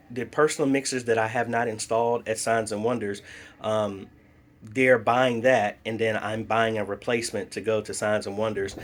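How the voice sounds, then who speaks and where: A man's voice: medium pitch, a little hiss or hum. A man talking casually to the camera while he works, calling his viewers folks and explaining each step as he goes. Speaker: AV installer vlogging a church job. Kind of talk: casual on-the-job vlog. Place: church building under renovation, indoors. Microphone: phone camera.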